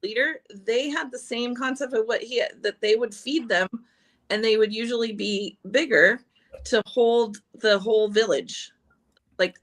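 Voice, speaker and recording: A woman's voice: a little high, unhurried. A woman on a livestream sharing personal stories in a chatty way, laughing often and restarting her sentences. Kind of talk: casual personal chat.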